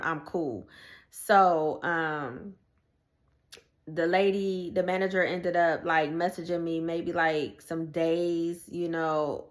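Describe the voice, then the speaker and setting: A woman in casual, conversational storytelling, sharing her personal faith testimony and addressing viewers directly, often repeating and restarting phrases. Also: fairly low pitch.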